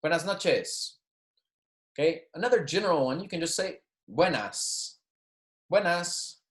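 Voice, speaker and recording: A man's voice: a little high, expressive, unhurried, echoey room. A man teaching a beginner Spanish lesson, repeating phrases for students and checking in with "okay?" and "right?", with light joking asides. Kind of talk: recorded classroom lecture.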